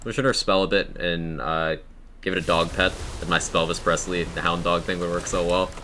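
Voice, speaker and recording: A man's voice: deep voice, steady tone, a little fast, bright, forceful tone. A man streaming a video game live, chatting casually and explaining game mechanics to his viewers. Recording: noisy live-stream audio.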